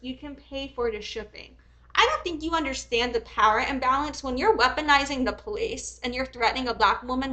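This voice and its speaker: Bright, high-voiced angry woman streamer. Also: rough recording. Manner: heated and profane, swings from reading calmly to angry outbursts; rambling, many restarts and filler ums. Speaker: commentary streamer. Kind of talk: reacting while reading messages aloud on a live stream.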